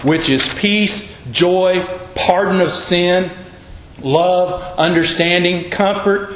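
Echoey pastor preaching with rhetorical questions. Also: male voice, sits high, slow, fairly bright tone. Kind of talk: sermon. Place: church.

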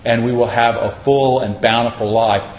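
A man's voice: medium pitch, steady tone, normal speed, a little hiss or hum. Older man, pastor, conversational emphatic sermon, echoey hall, muffled. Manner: emphatic, conversational preaching with acted-out asides.

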